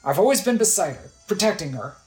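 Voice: mid-range voice, very animated, quick pace, faint music behind, voice pushed up, natural voice. A game player voicing an earnest young male guardian from a video game who calls out with urgency. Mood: urgent. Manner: urgent, shouting, pleading.

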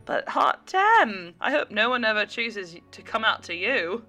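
A woman's voice: medium pitch, normal speed, pushed and bright, pitched above the performer's own voice, lightly acted. A woman voicing a young pregnant woman who talks with a dry, sarcastic edge. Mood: wry. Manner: teasing, sarcastic delivery.

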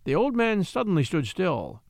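Lively male audiobook narrator. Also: high-pitched, normal speed, vocal fry, no room sound, clean studio sound. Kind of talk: first-person storytelling.

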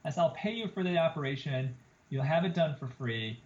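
A man who is a plastic surgeon, telling an animated story as a guest on a podcast interview. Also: a little high, fairly quick. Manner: animated storyteller, acts out quoted lines. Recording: roomy, slightly dull podcast audio.

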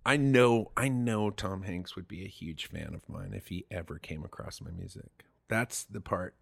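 Candid low-voiced man chatting. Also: normal speed, gravelly. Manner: candid, self-deprecating, jokey, swears freely. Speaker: musician guest. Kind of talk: casual podcast chat.

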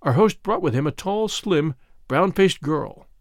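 A man reading a detective story aloud with expressive storytelling. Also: a little high, measured pace, dry recording, studio quality. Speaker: audiobook narrator. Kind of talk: scripted narration.

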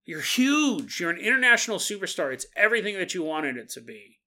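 A man hosting a solo podcast, telling a story in an animated way and laughing as he acts out quotes. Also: high-pitched, fairly quick. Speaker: podcast host. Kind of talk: casual solo podcast monologue.

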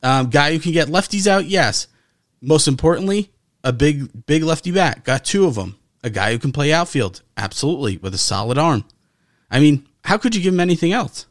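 A man's voice: on the high side, expressive, brisk, no room sound, clean studio sound. A man co-hosting a casual sports podcast, talking emphatically and swearing often. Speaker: podcast co-host.

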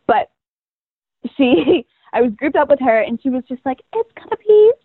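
A woman's voice: high voice, normal speed, slightly rough, dry recording. A young woman in her twenties tells her story in a bubbly, talkative way and laughs easily. Her voice comes through a narrow, tinny phone-like line. The sound is dry, with no room around it. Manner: bubbly, chatty, laughs often. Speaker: guest, first-year pro cheerleader. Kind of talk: casual interview storytelling.

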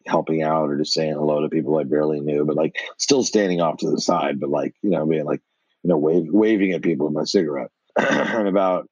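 A man's voice: a bass voice, steady tone, brisk, a little mellow, husky, no echo, dull audio. A middle-aged man from New York, a podcast guest telling his life story with blunt, profane energy.

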